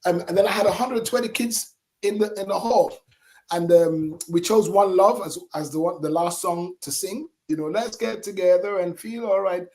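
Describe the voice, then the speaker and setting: A middle-aged man, a singer and entertainer, telling stories as a radio guest in a lively, animated way with chuckles. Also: sits high, normal speed. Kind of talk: casual interview storytelling. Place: radio studio.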